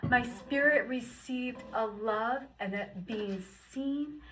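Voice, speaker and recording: Bright-voiced woman in her fifties giving testimony. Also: slow, a little hiss or hum, low-quality recording. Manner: swings from hushed whispers to excited high bursts. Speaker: guest sharing testimony. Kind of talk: emotional personal testimony.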